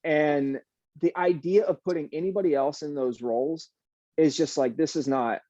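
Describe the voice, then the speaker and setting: A young adult man, an actor guest, chatting casually in an interview, easygoing and animated with plenty of fillers. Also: on the high side, moderate pace, dry recording, lo-fi sound.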